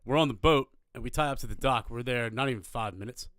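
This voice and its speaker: Man podcast co-host, animated storyteller, mid pitch, dry. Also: fast, no echo. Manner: animated anecdote-telling, casual cursing.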